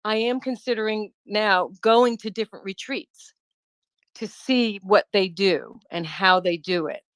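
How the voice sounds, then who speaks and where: A woman speaks as a guest in an online chat, thinking aloud and restarting her phrases. Her voice sits at an ordinary middle pitch. The sound is dry and close, with no room around it. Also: clean tone, no room sound. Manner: warm, reflective, halting with restarts. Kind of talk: casual chat.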